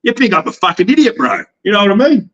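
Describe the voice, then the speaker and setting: A man's voice: high voice, big pitch swings, fast, muffled recording, a little hiss or hum. An Australian man, a wrestling promoter guest, talking in brash, boastful banter and calling everyone mate. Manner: calls everyone mate, loud and cocky.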